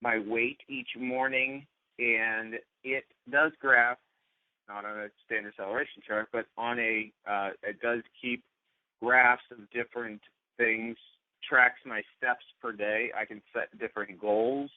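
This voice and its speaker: A man's voice: mid-range voice, little pitch movement, a little slow, no echo. A man co-hosting a podcast, chatting casually and often breaking off mid-sentence. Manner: rambling, self-interrupting. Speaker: podcast co-host. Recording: tinny phone-like sound.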